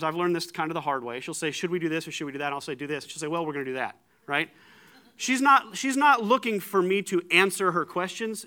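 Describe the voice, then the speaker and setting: A man, likely middle-aged, preaching a sermon in a conversational, animated way, retelling stories with frequent restarts. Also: on the high side.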